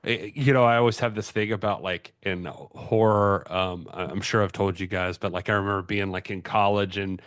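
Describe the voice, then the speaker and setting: A man co-hosting a podcast, rambling through a casual anecdote with plenty of fillers. His voice sits fairly low and sounds dry and close, with no echo. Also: moderate pace, hardly any pauses. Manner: rambling storyteller, animated. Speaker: podcast co-host.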